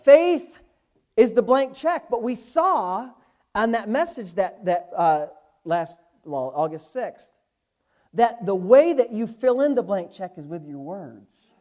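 A male pastor, preaching a Bible lesson, slowing down and swelling in volume when he quotes scripture. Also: high voice, sing-song, a little mellow. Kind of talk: sermon.

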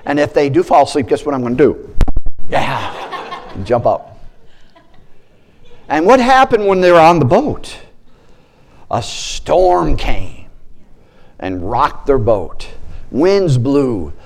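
A man preaching a sermon as a pastor, animated and mixing in joking asides. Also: on the high side, takes it slowly, gravelly, pauses often.

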